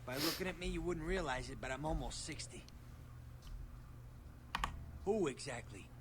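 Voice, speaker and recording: An actor playing a helpful, ageless servant of vampires in a video game, speaking plainly. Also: male voice, on the high side, normal speed, natural voice. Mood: matter-of-fact. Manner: plain, informative. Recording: game audio with steady noise.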